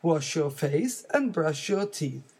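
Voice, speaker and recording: A woman's voice: deep voice, animated, slow pace, a little mellow, husky, exaggerated voice. A woman voicing a tall father bear in a plain, matter-of-fact way in a storybook reading. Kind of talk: storybook read-aloud.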